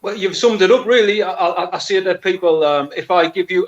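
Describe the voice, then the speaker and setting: A man with a notably high voice speaks in a relaxed, storytelling way. He builds his argument step by step at an easy pace. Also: brisk, highs cut off. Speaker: panelist.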